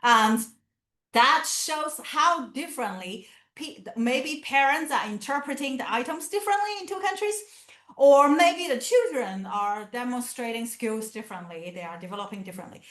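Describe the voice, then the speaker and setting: A woman's voice: on the high side, normal speed, fairly bright tone, reverberant. A woman giving a conference lecture, explaining her research step by step with many fillers and restarts. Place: conference venue.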